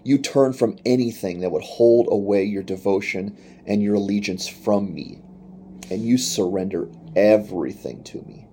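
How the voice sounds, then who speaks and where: A man's voice: lowish voice, normal speed, mellow, slight background noise. A man preaching a sermon in an earnest manner, reading scripture and voicing quoted speech with rising intensity. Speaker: pastor.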